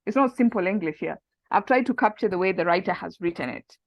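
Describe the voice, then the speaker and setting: A woman's voice: medium pitch, expressive, fast, creaky, no room sound. A woman teaches a small online study group in a casual, explanatory way, often restarting her sentences and adding fillers as she works through a text. Her voice sits in the middle range. The recording is dull and lo-fi, with a dry, close sound.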